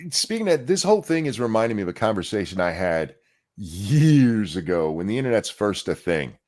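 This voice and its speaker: A man's voice: fairly low pitch, big pitch swings, fairly quick, darkish tone. A middle-aged man co-hosting a casual podcast chat, ranting with strong opinions. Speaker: co-host.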